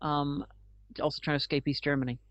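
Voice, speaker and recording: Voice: medium pitch, little pitch movement, fast. A podcast co-host in casual chat, explaining things hesitantly with frequent restarts. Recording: dull lo-fi podcast recording.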